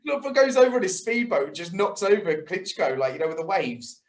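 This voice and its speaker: Scouse male podcast co-host, light high voice, easygoing banter, quick to laugh and swear. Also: sing-song. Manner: chatty, laughs often, swears freely. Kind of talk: casual sports podcast chat.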